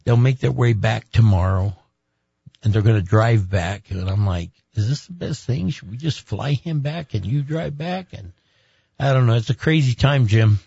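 A man's voice: medium pitch, animated, moderate pace, vocal fry, dark tone, husky, dry recording, highs cut off. A man who is a pastor gives an emphatic, preacher-like testimony in an interview, repeating words for weight.

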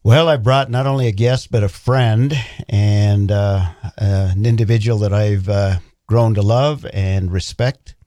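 A man speaking as a regular guest on a live talk radio show, earnest and unhurried. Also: lowish voice, fairly even intonation, dark tone, no room sound, clean studio sound. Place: radio studio.

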